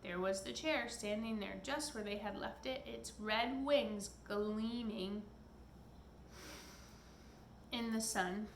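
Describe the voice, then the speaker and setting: Reading a children's story in a relaxed way, this woman breaks off now and then to talk with someone close by. She speaks slowly, with long pauses and a highish voice, in an echoey room with a faint background and a little hiss or hum.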